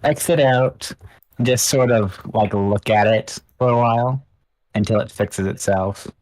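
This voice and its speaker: A man co-hosting a game stream, joking in a deadpan way with short, dry remarks. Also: lowish voice, a little slow, rough recording. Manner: deadpan, drawls one-word jokes. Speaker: co-host. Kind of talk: casual game stream chat.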